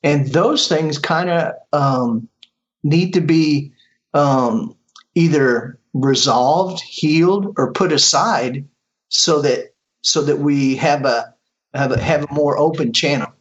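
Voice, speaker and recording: A man with a slightly high voice speaks as a medium being interviewed, earnest and halting, often restarting his sentences. The audio sounds dull and lo-fi. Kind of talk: casual conversational interview.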